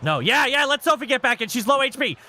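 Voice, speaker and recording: A man streaming a wrestling video game, chatting casually and reacting loudly, swearing at the action and cooing to his pets between matches. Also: very high-pitched, fast talker, slight background noise. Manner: excitable, swears, baby-talks to pets. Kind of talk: casual gaming commentary.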